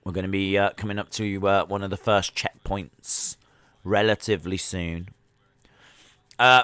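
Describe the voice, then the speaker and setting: Bright, excitable man on a livestream. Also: lowish voice, normal speed, clear, resonant tone, no echo. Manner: chatty, excitable, with frequent fillers. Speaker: livestream host. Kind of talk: live sports watch-along commentary.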